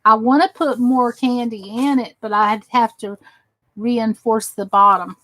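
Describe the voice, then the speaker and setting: A woman's voice: fairly high pitch, steady tone, unhurried, a bit bright, rough recording. An exhausted woman chatting casually as she works on crafts for her channel, rambling and talking to herself as she goes. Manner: rambling, talks to herself while working.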